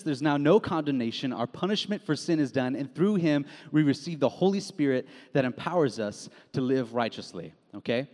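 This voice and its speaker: Animated young preacher man in a reverberant hall. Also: a little high. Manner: casual and animated, storytelling with slang. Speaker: pastor. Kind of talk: sermon.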